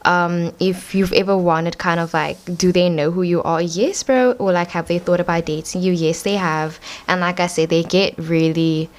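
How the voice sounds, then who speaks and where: A woman's voice: on the low side, fairly even intonation, moderate pace, hardly any pauses. A young woman giving a casual tarot reading at home, rambling and chatty with lots of filler words. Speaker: tarot reader. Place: home room.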